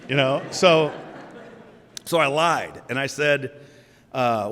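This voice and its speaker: A man's voice: mid-range voice, brisk, fairly bright tone. A man in his forties giving an emotional, conversational award acceptance speech, telling stories at a podium microphone. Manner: emotional, storytelling, conversational with laughs. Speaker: award recipient. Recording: long hall reverb.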